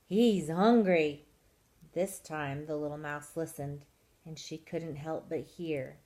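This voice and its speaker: A woman reading a children's picture book aloud at storytime, expressive and drawing out soft words. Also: deep voice, a little slow, low-quality recording. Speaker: storytime reader.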